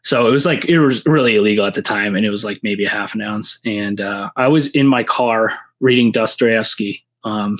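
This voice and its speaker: A man's voice: lowish voice, moderate pace, hardly any pauses. Rambling New man telling stories. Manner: rambling, full of "like" and restarts. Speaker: podcast guest, seed breeder. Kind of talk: casual storytelling.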